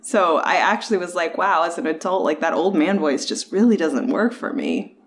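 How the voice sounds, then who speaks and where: A woman's voice: lowish voice, very animated, normal speed, a little hiss or hum. A young adult woman hosting a casual podcast chat, playfully contrarian and full of "like" fillers. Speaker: podcast host.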